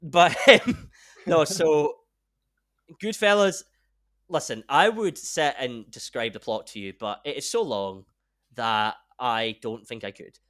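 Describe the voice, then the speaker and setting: A young man hosting a podcast in casual chat, rambling and excitable and swearing freely. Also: mid-range voice, slow pace. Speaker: podcast host.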